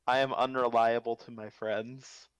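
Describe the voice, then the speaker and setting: Excitable man at a tabletop game. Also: medium pitch, unhurried. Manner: excitable, joking. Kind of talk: casual game chat.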